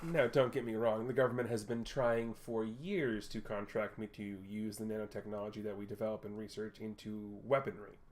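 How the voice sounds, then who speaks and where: A man voicing a self-assured wealthy male tech executive who talks in a polished, measured, slightly condescending way in a tabletop game. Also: on the low side, fairly even intonation, darkish tone, a little hiss or hum, lightly acted. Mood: composed.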